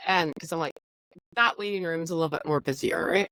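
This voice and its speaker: A woman casually telling a personal story, chatty and animated, acting out the lines of the people in it. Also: low voice, a little fast, no echo, low-quality recording. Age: adult with school-age or older children. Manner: chatty, animated, acts out dialogue. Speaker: podcast host sharing her story.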